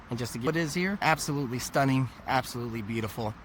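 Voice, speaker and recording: A man's voice: medium pitch, racing, hardly any pauses. A worn-out man recovering from a cold tells a candid, reflective personal story in a casual vlog. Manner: candid, reflective, laughs at himself. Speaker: vlogger. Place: outdoors near a convention area. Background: faint traffic noise.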